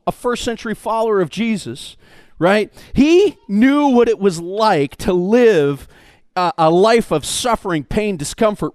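A man preaching a sermon, telling it in an animated way and stammering over repeated words. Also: sits high, no room sound.

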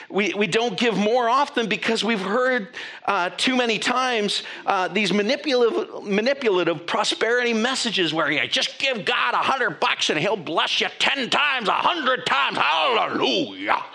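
In a high voice, a pastor preaches to his congregation, animated and conversational. He restarts often and wanders into asides.

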